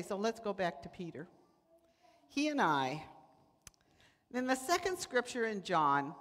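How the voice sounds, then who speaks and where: A woman giving a sermon, telling stories and acting out the voices of people in them. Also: medium pitch. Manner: animated, acts out voices in quotes. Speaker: preacher. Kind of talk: sermon with storytelling. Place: church sanctuary. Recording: church hall reverb.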